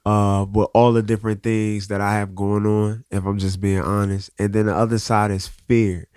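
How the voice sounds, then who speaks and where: Earnest man with a smooth voice. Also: fairly low pitch, little pitch movement, darkish tone, no room sound, clean studio sound. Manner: earnest, open, halting restarts. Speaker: guest artist. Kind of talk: candid conversational interview.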